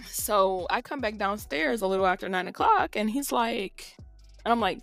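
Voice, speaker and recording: Middle-aged woman co-host, salty and animated storyteller, mid pitch. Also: normal speed, no room sound, soft background music. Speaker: podcast co-host. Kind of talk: casual chat.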